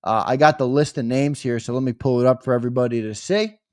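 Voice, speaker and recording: A young man hosting a casual live stream, chatting with viewers and reading names off a list in a lively, teasing way. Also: medium pitch, fast talker, dry recording, clean studio sound. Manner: lively, teasing, talks straight to chat with "brother". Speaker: host of a sports live stream.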